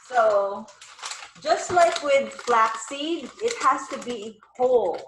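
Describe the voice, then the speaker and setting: A woman's voice: a little high, lively intonation, takes it slowly, roomy sound, background noise. A woman hosting a live wellness chat over a video call, talking in a rambling, upbeat way. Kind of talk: casual chat.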